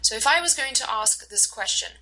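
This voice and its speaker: A woman instructor giving a recorded lecture, explaining slowly with many fillers and acting out short example dialogues. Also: fairly high pitch, expressive, pushed and bright, poor audio.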